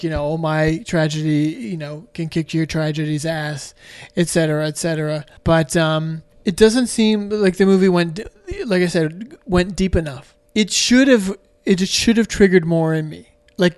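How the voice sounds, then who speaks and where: A man speaking as a podcast guest, telling his story candidly in a halting, emotional way with many restarts and some casual swearing. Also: fairly high pitch, smooth, no echo.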